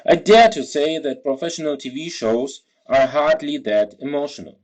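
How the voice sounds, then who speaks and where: A man presenting an academic philosophy talk, setting out his points in a careful, structured order. His voice is a little higher than the male average. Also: normal speed, a little mellow, lo-fi sound. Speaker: lecturer.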